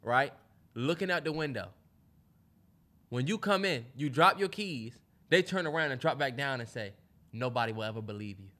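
Relaxed man teasing on a podcast, slightly high. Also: moderate pace, pauses often. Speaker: podcast co-host. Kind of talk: casual chat.

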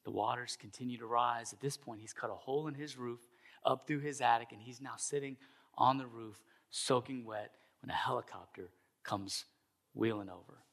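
Middle-aged male pastor, animated storyteller who puts on comic voices mid-sermon. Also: medium pitch, normal speed, creaky.

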